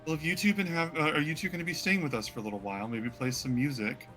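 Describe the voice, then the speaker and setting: A man's voice: fairly high pitch, fairly even intonation, quick pace, a bit bright, soft background music, voice pushed up, natural voice. A man voicing a courtly, affectionate injured husband in a tabletop game, speaking in a gallant way.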